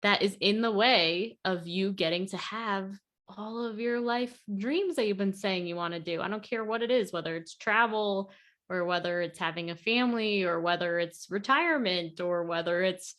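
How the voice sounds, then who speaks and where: A woman's voice: mid-range voice, normal speed, fairly bright tone. A woman weight loss coach on a podcast, talking casually and earnestly over a video call, with many fillers. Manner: chatty, lots of "like", earnest.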